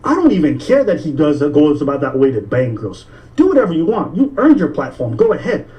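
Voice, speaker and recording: A man in a played clip gives critical commentary, animated and mocking. His voice is mellow and slightly high, and he is some distance from the mic. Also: a little fast. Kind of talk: casual commentary.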